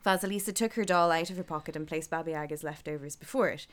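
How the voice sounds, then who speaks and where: Woman storyteller with a lower voice, relaxed and chatty between passages. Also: fast. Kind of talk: reading a folk tale aloud with chat.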